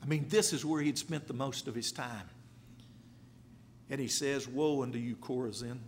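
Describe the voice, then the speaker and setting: A man's voice: medium pitch, normal speed. A man preaching a sermon, reading scripture aloud and repeating key words for emphasis. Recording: long reverb of a large hall.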